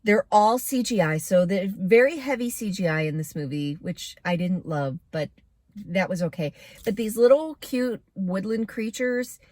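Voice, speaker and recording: A woman's voice: medium pitch, measured pace, a little mellow. A woman giving a casual, candid movie review to camera, chatty with plenty of fillers.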